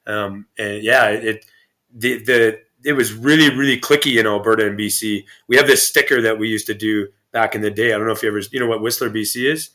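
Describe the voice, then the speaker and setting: A man's voice: on the low side, fairly even intonation, a little fast, bright, forceful tone. A man guest on a podcast interview, telling stories in a rambling, profane way with many restarts. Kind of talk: casual storytelling interview.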